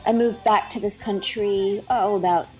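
A woman's voice: medium pitch, steady tone, moderate pace, mellow, faint music behind, poor audio. A middle-aged woman, an actress and dialect coach, chatting eagerly in an interview with lots of fillers and restarts. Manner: enthusiastic, rambling, many fillers and restarts. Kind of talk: casual interview chat.

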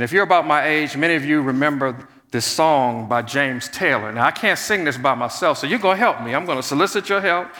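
Bright-voiced male pastor preaching in a church. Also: fairly high pitch. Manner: earnest and conversational, drops to a soft hush in prayer. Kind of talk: sermon. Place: church sanctuary. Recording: long reverb of a large church hall.

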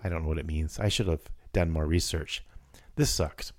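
A man co-hosting a podcast in casual chat, joking and self-deprecating, with halting delivery. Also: a bass voice, darkish tone, dry recording, studio quality. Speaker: podcast co-host.

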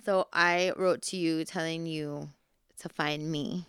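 Teasing woman with a low, smooth voice. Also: steady tone, takes it slowly, a bit bright, dry recording. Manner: laughing, correcting, teasing. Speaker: podcast co-host. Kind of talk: casual banter with her husband.

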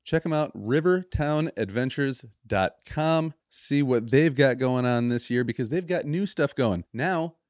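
A man's voice: mid-range voice, measured pace, few pauses, darkish tone, no echo. A man hosting a podcast, introducing the episode and reading sponsor ads in an enthusiastic, chatty way. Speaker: podcast host.

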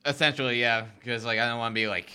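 A man's voice: mid-range voice, fairly even intonation, fast talker, pushed and bright, clean tone. A young man co-hosting a podcast, answering in hesitant, easygoing casual chat. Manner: hesitant, easygoing, laughs along. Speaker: podcast co-host.

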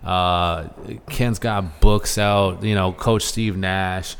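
A male podcast host with a low, smooth, resonant voice who gets excitable and hypes up his guest. A long reverb hangs behind his lines. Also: slow pace. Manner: excitable, hype-man interjections. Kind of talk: casual podcast conversation.

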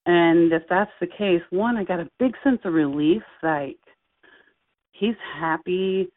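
A middle-aged woman, an interview guest, telling a personal story in a halting, heartfelt way with many fillers and restarts. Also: lowish voice. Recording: tinny phone-line sound with faint music.

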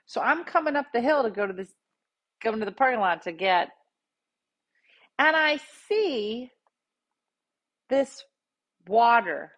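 A woman host casually telling a funny story, jumping into loud quoted voices. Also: a little high, animated, a little slow, long pauses. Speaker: podcast host.

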